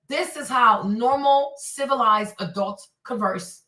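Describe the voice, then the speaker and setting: A woman's voice: on the high side, normal speed. A woman from Northern Virginia hosting a casual commentary show, telling stories with indignant energy and acting out what people said. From Northern Virginia, USA. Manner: animated, indignant storytelling with acted-out quotes. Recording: echoey room, voice a bit far from the mic.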